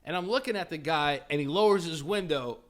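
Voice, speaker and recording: A man's voice: a little high, fairly quick. A man co-hosting a podcast, telling a story in casual chat with a lot of swearing, acting out the people in it. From Florida. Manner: animated, profane, acts out the people in his story. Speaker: podcast co-host.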